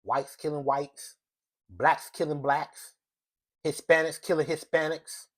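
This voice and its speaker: A man's voice: on the high side, fairly even intonation, slow, a bit bright. Male host in a one-man opinion monologue, emphatic and repetitive, keeps restarting sentences. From United States. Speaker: show host.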